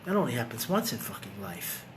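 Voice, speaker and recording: A man talking bluntly and profanely in a low, quiet voice while grieving, then singing along to guitar. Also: very animated, brisk, a little hiss or hum. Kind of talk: emotional casual talk and singing. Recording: loud guitar music behind.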